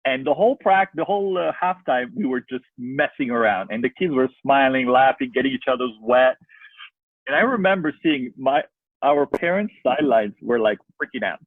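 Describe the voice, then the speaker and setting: Man, youth coach and filmmaker, rambling animated storyteller, husky, thin phone-like sound. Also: medium pitch, normal speed, dry recording. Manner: animated, rambling anecdotes with many fillers. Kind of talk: casual storytelling in a video-call interview. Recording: tinny phone-like line, dry.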